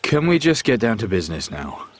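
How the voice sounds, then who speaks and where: An actor playing a blunt, impatient pirate captain in a video game. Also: male voice, lowish voice, sing-song, a little fast. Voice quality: curt, dry-witted.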